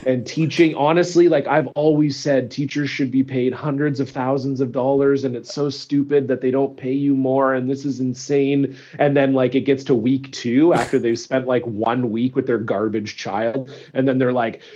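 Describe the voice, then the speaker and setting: A man's voice: mid-range voice, flat delivery, moderate pace, hardly any pauses, warm tone. Rambling man on a muffled line. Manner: rambling, restarts, sarcastic storytelling. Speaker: comedian and teacher, podcast guest. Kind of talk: casual podcast chat.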